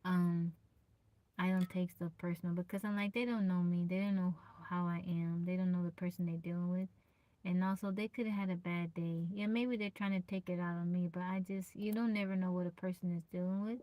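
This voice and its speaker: A soft-spoken woman with a slightly low voice, chatting with viewers on a live stream. She talks in an easygoing, unhurried way. The sound is dry and close. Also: steady tone, no room sound. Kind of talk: casual live-stream chat.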